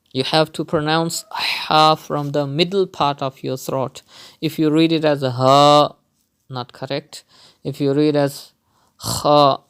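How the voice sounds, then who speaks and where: A Quran teacher takes a recorded lesson at an unhurried, deliberate pace, sounding each letter out as an example. The voice is smooth and clear, with careful, steady instruction. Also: medium pitch. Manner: patient, demonstrates each letter sound aloud.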